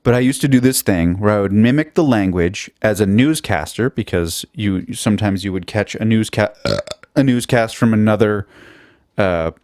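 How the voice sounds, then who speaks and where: Solo podcast host, male, lowish voice, dry booth sound; loose, foul-mouthed, self-deprecating comic rambling. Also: moderate pace, darkish tone, no room sound. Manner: rambling, profane and self-mocking. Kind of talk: casual comedic monologue.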